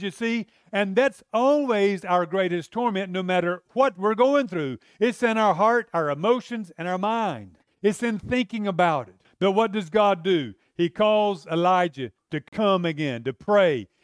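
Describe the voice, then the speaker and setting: Guy preaching, high smooth voice, dry mic, asks the crowd lots of questions. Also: dry recording. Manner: impassioned, rhetorical questions to listeners. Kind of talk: sermon.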